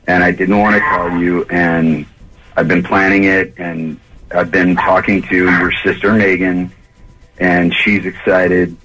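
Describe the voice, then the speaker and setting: A man on a radio phone call, talking in a halting, stammering, apologetic way. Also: low-pitched, little pitch movement, fairly bright tone, slightly rough, faint music behind. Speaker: caller.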